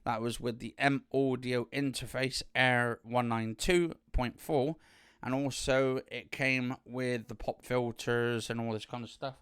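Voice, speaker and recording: Man, casual vlog talk, rambling with fillers, crisp voice, dry close mic. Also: mid-range voice, level tone, unhurried, fairly bright tone, dry recording. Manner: rambling with frequent fillers and restarts. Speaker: youtuber. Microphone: studio condenser microphone.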